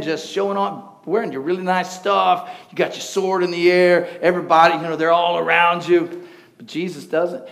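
A man preaching a sermon in church as pastor, swinging between shouted declarations and quiet, conversational asides. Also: on the high side.

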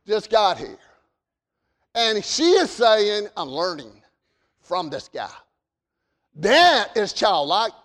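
High-voiced preacher in an echoing church. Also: male voice, a bit bright. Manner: emphatic preaching, rising and dropping in volume. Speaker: pastor. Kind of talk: sermon. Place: church sanctuary. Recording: long hall reverb.

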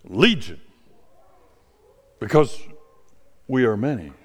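Guy putting on a possessed wild hermit, drops way low and pleads, big echoey hall. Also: big pitch swings, slow pace. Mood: ominous.

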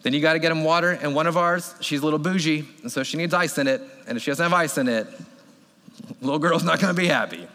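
A male pastor in his thirties delivers an animated sermon, his slightly high voice ringing through a large hall with long reverb. He tells the story vividly, slipping into the voices of the people in it. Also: fast talker.

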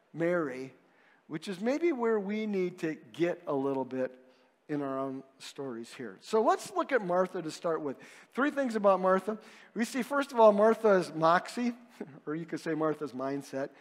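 A man's voice: high-pitched, long reverb tail. A male pastor preaching a sermon in a conversational way, posing rhetorical questions and swinging widely in emphasis.

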